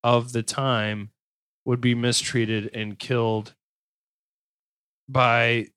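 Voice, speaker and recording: A man's voice: medium pitch, level tone, very slow, a bit bright, clear, resonant tone, no room sound. A man in his thirties or forties hosting a casual true-crime podcast, reading case notes and riffing with crude jokes. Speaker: podcast host.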